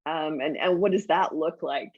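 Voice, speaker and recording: Animated, laughing woman telling stories. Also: sits low, normal speed, slightly rough, dry recording, highs cut off. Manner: animated, laughing anecdotal storytelling. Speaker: guest author. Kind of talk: casual interview chat.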